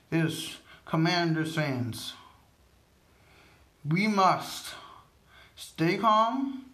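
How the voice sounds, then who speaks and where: A man's voice: high voice, pushed and bright. A man ranting as a sports fan vlogger, frustrated, profane and rambling. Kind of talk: fan rant to camera. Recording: roomy echo.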